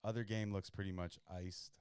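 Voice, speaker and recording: A man hosting a live watch stream, chatting casually and reacting in excited bursts to a football game. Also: sits low, moderate pace, clean tone, dry recording, studio quality. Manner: excitable, chatty, jumps between worry and hype.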